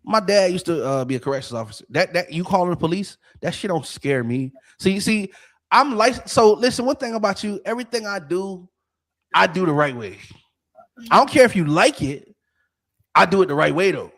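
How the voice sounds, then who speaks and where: A man from Florida, a podcast co-host, telling a story in casual chat, swearing freely and animated, often asking "you know what I'm saying". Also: high voice, moderate pace.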